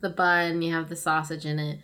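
Bright-voiced giggly woman chatting. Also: sits low, little pitch movement, normal speed. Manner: giggly, rambling storyteller. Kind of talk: casual chat.

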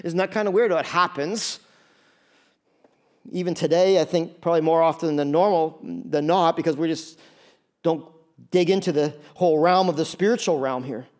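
An animated pastor preaching to his congregation, high-pitched for a man. He keeps it loose and conversational, tossing in jokes between points. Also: moderate pace. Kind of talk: sermon. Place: church before a congregation.

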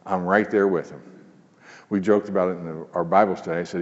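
Male pastor, low voice, conversational sermon delivery with hushed emphasis, muffled recording with long hall echo. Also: fairly even intonation, fairly quick. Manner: earnest, conversational preaching with sudden hushed emphasis.

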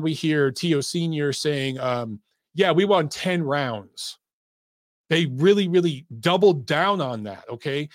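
A middle-aged man holds forth on a boxing podcast, swearing and hammering his points home over and over. His voice sits a little high for a man. The sound is close and dry, with no room around it. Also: no room sound. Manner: profane, emphatic, repetitive. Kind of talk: casual ranting commentary.

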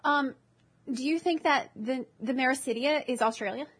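A woman's voice: high-pitched, normal speed, fairly bright tone, slightly rough. A woman chatting casually on a stream, asking playful, teasing questions.

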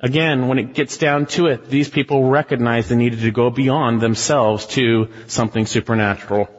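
Husky-voiced preacher in a reverberant hall. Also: male voice, mid-range voice, fairly even intonation, moderate pace. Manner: emphatic preaching with rhetorical questions, swinging from loud to hushed. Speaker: pastor. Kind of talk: expository sermon. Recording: muffled, reverberant sanctuary recording.

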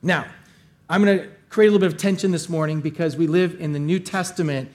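A male pastor preaching a sermon, reading scripture and retelling it in casual, animated paraphrase. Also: fairly high pitch, fast talker.

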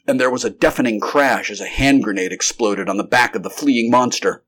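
A man's voice: medium pitch, a little fast, hardly any pauses, a bit bright. A man narrating a 1930s science fiction story in an unrehearsed live reading, now and then restarting a sentence. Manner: occasional restarts mid-sentence. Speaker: amateur audiobook narrator.

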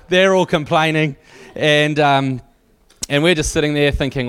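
A man's voice: on the high side, fairly even intonation, moderate pace, fairly bright tone, clean tone. Wry man telling a travel story. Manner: anecdotal, wry, loose with fillers and restarts. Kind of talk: storytelling sermon.

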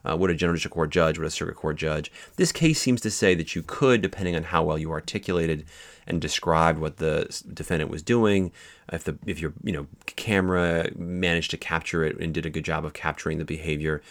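Male instructor, very low voice, explanatory lecture delivery with restarts. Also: a little fast. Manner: explanatory, frequent fillers and restarts. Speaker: legal instructor. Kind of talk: lecture on case law.

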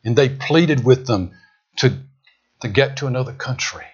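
A male preacher delivering a dramatic sermon, swinging from loud emphatic peaks down to hushed near-whispers. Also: mid-range voice, lively intonation, normal speed, breathy edge. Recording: dull lo-fi sound.

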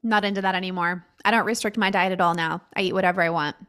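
A woman with a somewhat low-pitched voice talks as a guest on a podcast. Her delivery is casual and blunt. She uses plenty of fillers. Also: fairly even intonation, fast talker, a bit bright, clean tone. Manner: candid and blunt, with frequent fillers. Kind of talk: casual conversational chat.

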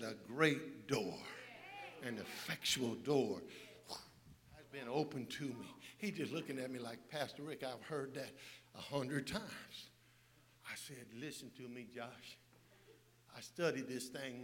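A man preaching a sermon to a church, moving from hushed storytelling into shouted, sing-song preaching. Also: mid-range voice. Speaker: pastor. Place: church with congregation.

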